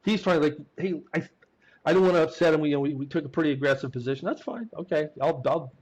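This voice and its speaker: A man's voice: a little high, fast, highs cut off. A man, an accountant guest on an interview show, telling a story with restarts and acted-out quotes. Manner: animated anecdotes with frequent restarts and acted-out quotes. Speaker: CPA guest.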